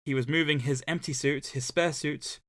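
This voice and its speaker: A man's voice: fairly high pitch, steady tone, normal speed, a bit bright, no echo. A man co-hosting a casual book-club podcast, recapping a novel's plot with dry, joking asides. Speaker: podcast co-host.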